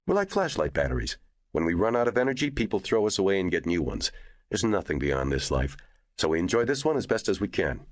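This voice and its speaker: A man's voice: sits low, big pitch swings, fairly quick, no room sound, pitched above the performer's own voice. A man voicing an arrogant, irritable rich media mogul who speaks in a raised, demanding voice. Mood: boastful.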